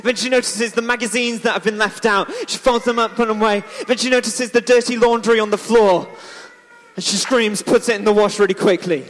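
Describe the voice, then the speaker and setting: Man, high voice, chatty playful storyteller, echoey church hall. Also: steady tone, fairly quick, a bit bright. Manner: chatty, playful, asks the audience questions. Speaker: children's talk leader. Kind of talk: lively storytelling to a congregation.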